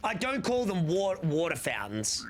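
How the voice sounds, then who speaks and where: A man's voice: a little high, normal speed. A young Australian man chatting casually to his stream chat, rambling and swearing freely. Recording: steady background noise.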